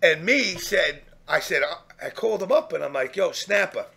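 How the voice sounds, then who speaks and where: A man telling a profane, animated story in casual chat, acting out the people he quotes. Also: on the high side, moderate pace, vocal fry.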